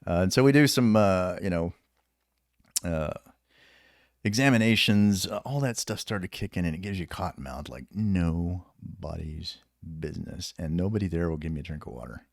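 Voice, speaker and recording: Deep-voiced man telling war stories. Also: moderate pace, creaky, no echo, clean studio sound. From United States. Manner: profane, rambling, laughs often. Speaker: retired special operations soldier, podcast guest. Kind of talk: casual storytelling.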